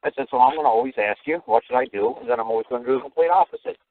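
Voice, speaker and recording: Brief: rapid, salty male radio host, animated storyteller, thin phone-quality audio. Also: medium pitch, a little hiss or hum. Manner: blunt, profane, animated storyteller. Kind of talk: call-in radio talk, storytelling.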